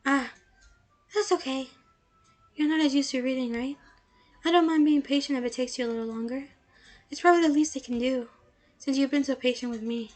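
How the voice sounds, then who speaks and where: A woman reading the lines of a shy, polite young bookish woman in a game, in a soft, hesitant way close to her own voice. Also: sits high, fairly quick, long pauses, soft background music, natural voice.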